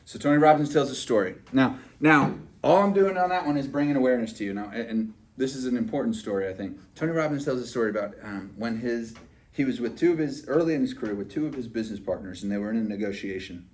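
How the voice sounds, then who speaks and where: A man's voice: mid-range voice, fast, a little mellow, recorded from a distance. A man giving a motivational sales training talk, chatty and often asking "right?" to check in with his listeners.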